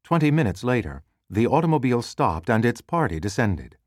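A man reading a scripted narration in a measured, calm storytelling manner. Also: medium pitch, no room sound, clean studio sound.

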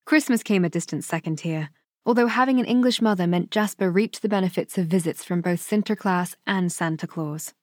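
Woman audiobook narrator, lowish voice, steady delivery, dry booth sound. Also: dry recording. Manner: measured, even storytelling.

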